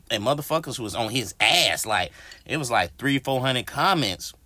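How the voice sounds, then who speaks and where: Unhurried and medium-pitched, with no room sound, a man rants on his solo podcast. He curses casually, stays animated, and talks to his listeners directly.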